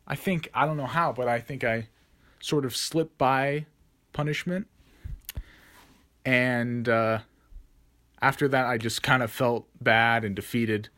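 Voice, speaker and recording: A man's voice: mid-range voice, a bit bright. A young man telling a childhood story in a casual storytime vlog, rambling and correcting himself, with the odd curse word. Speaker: vlogger.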